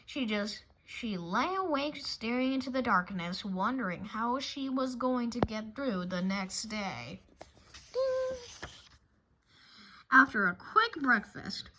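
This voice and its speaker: Animated woman reading a children's storybook. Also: a little high, a little slow, hardly any pauses, background noise. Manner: animated, expressive, with small slips. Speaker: narrator. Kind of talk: children's storybook read-aloud.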